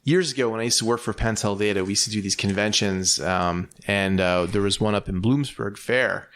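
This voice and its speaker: Profane low-voiced male podcast storyteller. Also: a little fast, fairly bright tone. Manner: profane storytelling, swears constantly, laughs often. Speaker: podcast co-host. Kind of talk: casual comedic podcast chat.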